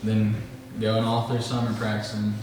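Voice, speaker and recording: Low, flat teenage footballer in a hall. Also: male voice, normal speed. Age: teens. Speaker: high school football player. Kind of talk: casual interview answer. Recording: echoey hall, distant mic, noisy.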